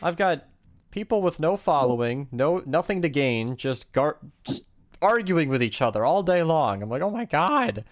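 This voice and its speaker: A man in casual podcast chat whose pitch swoops up and down as he talks. He rambles, restarts and laughs often, and he swears freely. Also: sing-song, moderate pace.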